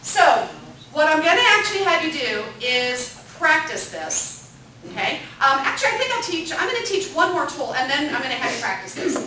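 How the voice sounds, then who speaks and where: Brief: high-voiced woman instructor, bright tone, echoey room, distant mic. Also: slight background noise. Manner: upbeat, asks the group questions, repeats their answers. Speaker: parenting class instructor. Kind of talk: interactive classroom lecture.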